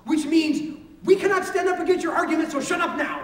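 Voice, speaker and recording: Animated high-voiced man preaching in a hall. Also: quick pace, a little hiss or hum. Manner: animated, acts out voices of the story. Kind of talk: sermon storytelling. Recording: roomy hall recorded from a distance.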